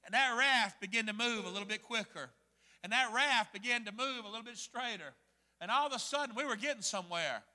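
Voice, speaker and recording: A man preaching a sermon, telling a story with dramatic swings between hushed and loud delivery. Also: very high voice, fairly quick, long reverb tail. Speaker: pastor.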